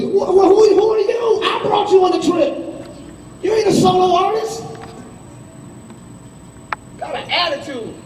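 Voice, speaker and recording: Fiery high-voiced man preaching to a choir. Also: moderate pace, pauses often, slight background noise. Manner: fiery, scolding, mimics people in asides. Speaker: choir director. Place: rehearsal room. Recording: echoey room, mic far off.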